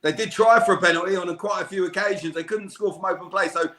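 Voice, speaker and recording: A man's voice: high voice, steady tone, fast, bright, forceful tone, roomy sound. A man, a guest on a football podcast, joking and bantering with the others. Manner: jokey, laughing banter. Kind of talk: casual football chat.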